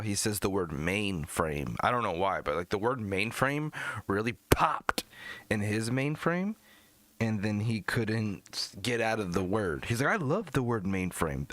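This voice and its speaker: A man's voice: fairly bright tone, no room sound. An American man hosting a live music review stream, drinking beer and mocking a rapper with profane, jumpy commentary. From United States. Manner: mocking, jumps into high squeaky outbursts.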